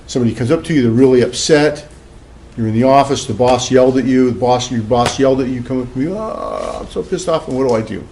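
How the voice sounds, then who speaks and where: A man's voice: mid-range voice, a little mellow, a little hiss or hum, low-quality recording. A man giving a classroom lecture as a psychology professor, loose and conversational, with many fillers and asides.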